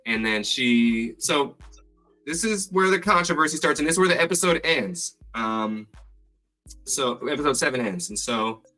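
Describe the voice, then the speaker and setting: A man's voice: mid-range voice, bright, forceful tone. A man hosting a podcast, recapping episodes from his notes in a chatty, playful way. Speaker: podcast host.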